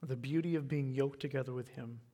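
An American man giving an evening sermon and closing prayer, in an unhurried, earnest way that often repeats words. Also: mid-range voice, steady tone, dark tone. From United States. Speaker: preacher. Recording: long reverb of a hall.

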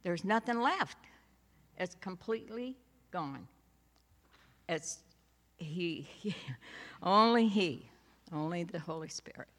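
A woman gives her faith testimony, telling her story slowly and taking her time. She talks in a homey, unhurried way, with light laughs and asides mixed in. Her voice rings out with a long reverb, as in a large hall. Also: on the low side, animated, fairly bright tone. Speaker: church speaker giving a testimony.

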